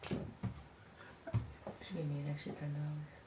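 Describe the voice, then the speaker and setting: A woman tells a story in casual chat, level and matter-of-fact, her voice mellow and even. She sounds quiet and distant in an echoey room with faint background noise. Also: sits low, unhurried. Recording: quiet and roomy, far from the mic.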